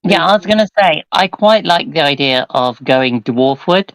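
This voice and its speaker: Deadpan man at a game table. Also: fairly high pitch, normal speed, no echo, low-quality recording. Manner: deadpan joking. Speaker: player. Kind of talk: casual chat at a tabletop game.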